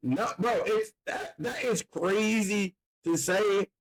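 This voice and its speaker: A man's voice: high voice, slow. A young man co-hosting a casual podcast, mostly chiming in with short agreements. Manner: backs up his co-host with short agreements. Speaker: podcast co-host.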